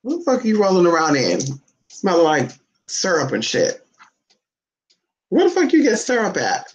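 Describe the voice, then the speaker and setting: A vlogger at home chatting to the camera and a pet dog, cursing freely, calling everyone honey and jumping into a squeaky high voice to tease the dog. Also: wildly swooping pitch, moderate pace, highs cut off. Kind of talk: casual, profane home vlog. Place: indoors at home. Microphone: phone or camera set down nearby.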